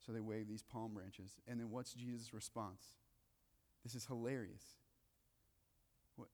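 A male pastor preaching a sermon in a casual, joking way, swinging between loud excitement and hushed asides. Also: medium pitch, moderate pace. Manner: conversational, joking. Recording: long reverb of a large hall.

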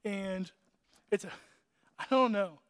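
A man's voice: sits high, slow, a bit bright. A man giving a casual, conversational sermon, retelling a story with restarts, fillers and chuckles. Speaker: preacher.

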